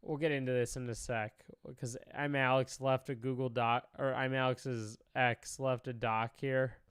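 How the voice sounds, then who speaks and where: A man's voice: mid-range voice, flat delivery, a little slow, fairly bright tone, clear, resonant tone, no echo, clean studio sound. A young man doing casual reaction commentary, talking emotionally, often sighing, swearing and trailing off. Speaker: commentary streamer.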